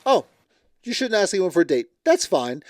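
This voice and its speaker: A man's voice: high-pitched, very animated, moderate pace. A man hosting a reality TV recap, commenting in a blunt, sarcastic, exasperated way. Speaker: show recap host.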